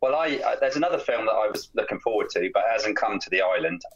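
A man with a low voice co-hosting a casual film chat. He rambles, repeats words and leans on fillers. The sound is dull and muffled. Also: expressive, fast talker, husky. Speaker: podcast co-host.

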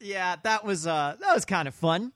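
A podcast co-host with a lively, swooping voice trades wry jokes and laughs often. The sound is dry and close, with no room echo. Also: mid-range voice, moderate pace. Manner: wry, laughing, swears freely. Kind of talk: casual chat.

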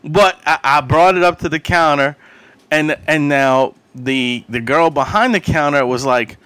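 A podcast co-host tells a rambling story in loose chat, breaking into loud quoted voices and laughing as he goes. His voice is fairly high and bright with a tense edge. The sound is dry, with no room around it. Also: unhurried, clear, resonant tone, no room sound.

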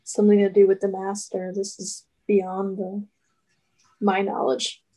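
A woman's voice: medium pitch, completely flat delivery, unhurried, mellow, natural voice, low-quality recording. A woman voicing an earnest male cleric in a tabletop game.

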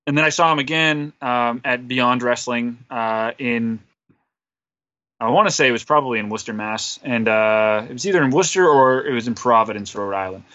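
A man's voice: medium pitch, moderate pace, bright, forceful tone, no echo, highs cut off. A man on a podcast as a guest, telling a rambling, self-deprecating story full of fillers. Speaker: podcast guest, wrestler and musician. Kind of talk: casual interview storytelling.

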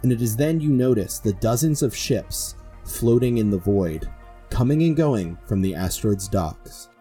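A man narrating a tabletop space fantasy adventure as dungeon master, in measured, descriptive storytelling. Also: on the low side, animated, dark tone, faint music behind. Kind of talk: narrating a tabletop game podcast.

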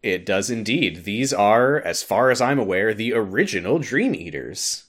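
A man hosting a podcast, recapping a game in an animated storytelling way. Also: lowish voice, moderate pace. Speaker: podcast host.

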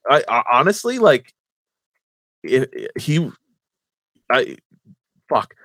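A man's voice: mid-range voice, sing-song, takes it slowly, fairly bright tone, no room sound. A man hosting a casual chat, swearing often and stumbling over his words.

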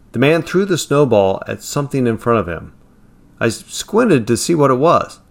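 A man's voice: mid-range voice, a bit bright. Man reading a story aloud. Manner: plain reading with occasional slips and restarts. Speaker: narrator. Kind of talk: first-person storybook read-aloud.

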